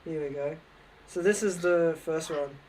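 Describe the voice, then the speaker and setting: A man's voice: fairly high pitch, normal speed, noisy background. A young man with an Australian accent casually telling rambling stories on a livestream, swearing freely and laughing at himself.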